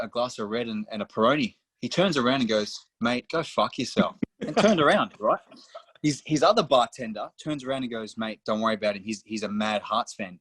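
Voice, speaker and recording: A man's voice: mid-range voice, a bit bright, breathy edge, dry recording. A young man from Australia, a footballer guest on a podcast, telling stories casually, swearing freely and calling the host mate. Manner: swears freely, storytelling, says mate often.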